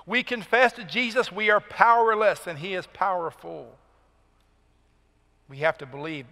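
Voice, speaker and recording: A man preaching a sermon as pastor, emphatic and rising in pitch to drive key points home. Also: a little slow, pushed and bright, in a large hall. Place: church sanctuary.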